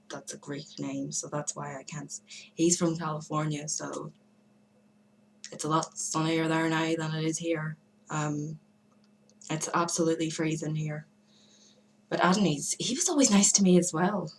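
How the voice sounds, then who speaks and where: A woman's voice: low-pitched, a little hiss or hum, poor audio. A young woman chatting to camera from her room at home, rambling and hesitant, with many fillers and restarts. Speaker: vlogger giving forum shout-outs. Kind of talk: casual rambling monologue to camera.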